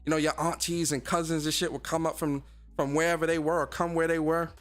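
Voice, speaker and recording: A man's voice: on the high side, level tone, a little fast. A man hosting a casual gaming livestream, speaking in loose slang and getting fired up as he talks straight to his chat. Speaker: gaming streamer and podcast host.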